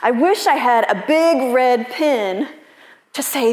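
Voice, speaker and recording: A woman pastor preaching a sermon in an unhurried, conversational and personal way. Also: high-pitched, lively intonation, a little mellow, reverberant.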